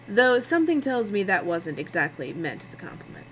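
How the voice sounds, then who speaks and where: A woman's voice: mid-range voice, very animated, fairly quick, slight background noise, close to an everyday voice, rough recording. A woman voicing a smug male TV producer, sarcastic and needling.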